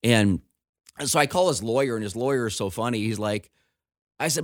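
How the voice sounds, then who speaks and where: In a clean, echo-free studio recording, a middle-aged pastor shares a personal anecdote casually, animating it by performing the people's voices. He talks at medium pitch and a moderate pace, pausing often.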